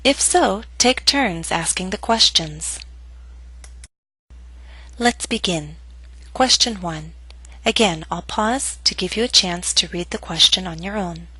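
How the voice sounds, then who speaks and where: A woman teaching English pronunciation, reading lesson steps slowly and carefully and modeling each phrase. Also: fairly low pitch, sharp tone, husky, no echo, rough recording. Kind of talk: slow, careful lesson narration.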